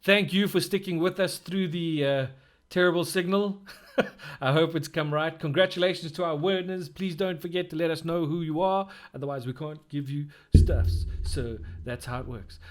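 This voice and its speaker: A man's voice: a little high, moderate pace. A man hosting a casual gaming podcast, upbeat and enthusiastic as he wraps up. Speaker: podcast host. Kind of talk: casual chat.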